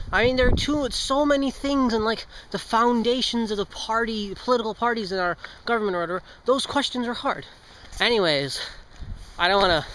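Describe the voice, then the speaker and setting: Teenage boy, high voice, rambling casual vlog, stumbles over words, walking outside with a handheld camera. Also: background noise. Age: teens. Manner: swears casually. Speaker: vlogger. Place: outdoors on a street with passing cars.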